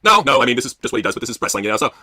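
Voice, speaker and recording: A man's voice: mid-range voice, big pitch swings, rapid-fire, sharp tone, dry recording, clean studio sound. A man co-hosting a crude wrestling news podcast, mocking and profane. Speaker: podcast co-host.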